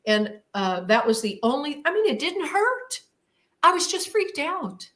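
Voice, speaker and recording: A woman guest on an interview podcast recounts a personal experience, repeating words for emphasis and acting out her own past exclamations. Her voice sits high and is very animated, unhurried and a bit bright.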